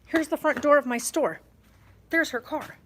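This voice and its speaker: Woman vlogger, store owner, high-ish voice, chatty and exasperated, phone-camera vlog in her shop. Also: normal speed, a bit bright, slight background noise, low-quality recording. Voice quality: chatty, exasperated, laughing and emphatic. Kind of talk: casual chat to camera. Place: indoors in her small store.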